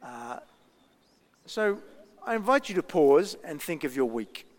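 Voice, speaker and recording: A man, a pastor giving a chatty children's talk and sermon with frequent ums and pauses. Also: fairly high pitch, big pitch swings. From Australia. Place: church. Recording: long reverb in a church hall.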